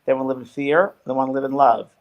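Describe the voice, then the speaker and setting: Man co-host, medium, earnest and quick, mid pitch. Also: steady tone, highs cut off. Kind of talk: casual chat.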